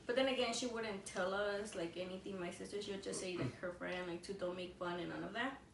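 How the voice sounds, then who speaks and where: A woman's voice: mid-range voice, fairly even intonation, fairly quick, gravelly. A young woman casually telling a story over a meal, rambling with constant "like" fillers and switching languages mid-sentence. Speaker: vlogger co-host. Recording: echoey room, distant mic, faint noise.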